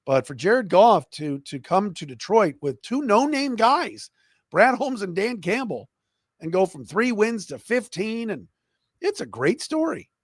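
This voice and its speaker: An enthusiastic man hosts a sports podcast with the ease of an old radio hand. His pitch sits a touch high and swoops all over. The sound is dry and close. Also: unhurried, dry recording. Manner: enthusiastic, animated storytelling. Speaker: podcast host; former radio broadcaster.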